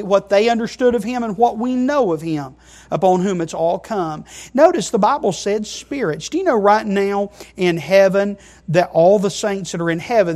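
A man preaching a sermon, emphatic, moving between quiet asides and loud stressed phrases and often checking in with the congregation. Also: high-pitched. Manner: emphatic, keeps checking in with "okay?".

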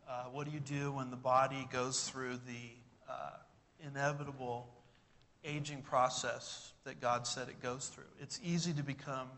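A pastor preaches a sermon to his congregation in a medium-pitched, sharp-toned voice. He is emphatic and fills his delivery with rhetorical questions.

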